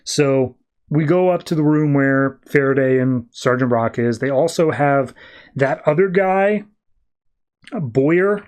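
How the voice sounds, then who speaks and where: A podcast host with a mid-range, darkish, clean voice speaks slowly, recapping a comic issue in a casual, rambling way and slipping into quoted voices.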